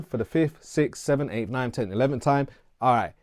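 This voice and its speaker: A man's voice: mid-range voice, animated, fairly quick, a little mellow, no echo, studio quality. A man in his thirties from London with a London accent, giving a casual, playful, self-mocking channel intro as a vlogger and music producer. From England. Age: 30s.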